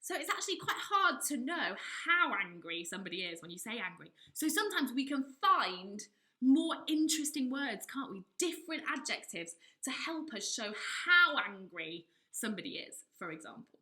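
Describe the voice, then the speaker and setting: A woman leading a children's drama lesson from home, coaxing in a lively teacher's manner and breaking into loud acted outbursts. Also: on the high side, normal speed, rough recording.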